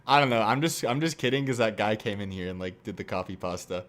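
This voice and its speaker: A man's voice: lowish voice, fairly even intonation, fast, a bit bright. A man chatting casually on a livestream, joking and reacting to clips. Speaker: streamer.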